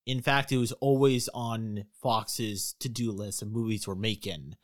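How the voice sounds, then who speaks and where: A man's voice: lowish voice, steady tone, unhurried, dry recording, studio quality. A man co-hosting a casual podcast, relaying facts and reading quotes aloud. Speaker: podcast co-host.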